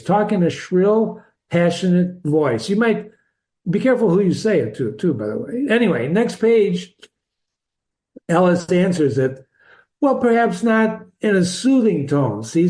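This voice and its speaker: An older man with a fairly high voice reads a classic novel aloud and pauses to explain it like a friendly teacher. He wanders into digressions and chuckles at his own asides. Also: warm tone. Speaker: reader and teacher. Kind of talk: reading a novel aloud with commentary.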